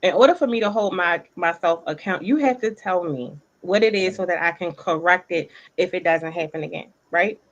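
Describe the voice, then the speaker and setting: A woman's voice: on the low side, normal speed, few pauses. Thoughtful woman co-host, lo-fi sound. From the Bronx, New York. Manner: thoughtful, builds points step by step. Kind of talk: casual chat. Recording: dull lo-fi sound.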